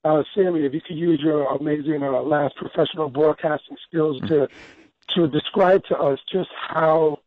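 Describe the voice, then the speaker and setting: A male caller phoning into a radio show, rambling and hesitating through lots of fillers. His voice is slightly high and comes through a tinny, narrow phone line. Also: steady tone, normal speed, dry recording. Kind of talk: phone-in call.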